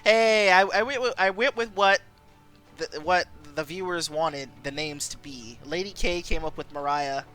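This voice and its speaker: A woman's voice: fairly low pitch, measured pace, fairly bright tone, faint music behind. A woman streamer reading a story game aloud and chatting with viewers, with frequent giggles.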